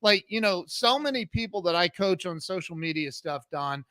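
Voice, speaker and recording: A man's voice: high voice, no room sound. A man guest on a podcast, telling a story with energy and acting out the dialogue he quotes. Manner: animated, talks fast, acts out quoted dialogue. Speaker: podcast guest, social media coach.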